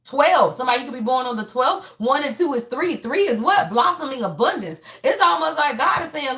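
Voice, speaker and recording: Woman, high voice, casual tarot reader, preachy and blunt with a salty mouth. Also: animated, fairly quick, few pauses, a bit bright. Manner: emphatic, preachy, peppers every phrase with "y'all"; blunt and swears freely. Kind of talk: casual spiritual reading.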